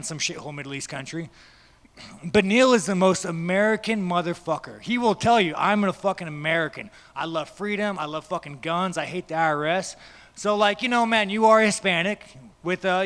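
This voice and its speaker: In a big, echoey media day room, a fighter answers a scrum of reporters bluntly, profanely, and at rambling length. His voice sits high and sounds bright and forceful.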